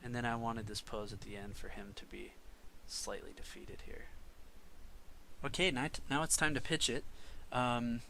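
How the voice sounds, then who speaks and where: A young man casually talking through and pitching a storyboard scene, narrating the actions as he goes. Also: moderate pace, vocal fry, noisy background. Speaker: storyboard artist.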